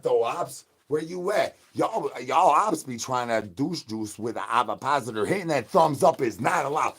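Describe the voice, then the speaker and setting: Young man, goofy slangy streamer, rambles nonsense, mid-pitched voice, hype then mumbly. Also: a bit bright, slight background noise. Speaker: streamer in costume. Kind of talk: rambling improvised livestream banter.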